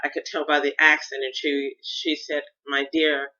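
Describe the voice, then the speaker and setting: A woman's voice: deep voice, level tone, normal speed, bright, forceful tone, lo-fi sound. A middle-aged woman from Chicago, hosting a reflective personal monologue in a thoughtful, searching way with restarts and stressed words. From Chicago, USA. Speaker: podcast host.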